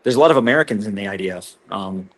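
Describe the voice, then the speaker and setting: Man, earnest, halting restarts, interview guest. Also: on the low side, expressive. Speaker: whistleblower guest. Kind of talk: recounting events in interview.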